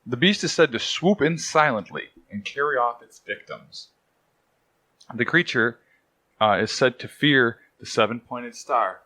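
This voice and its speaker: Bright-voiced man, joking podcast co-host. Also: mid-range voice, animated, measured pace. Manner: jokey, digressive storyteller. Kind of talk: casual chat.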